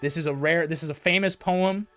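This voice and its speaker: A man casually commentating his own gameplay on a stream, excitable, swearing and reading game text aloud. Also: on the high side, a little fast, faint music behind.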